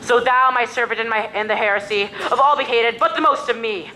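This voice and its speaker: A woman's voice: fairly high pitch, brisk, sharp tone, a little hiss or hum. A young actress as ardent young male lover. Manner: earnest declaiming verse. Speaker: student actor. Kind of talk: school stage play.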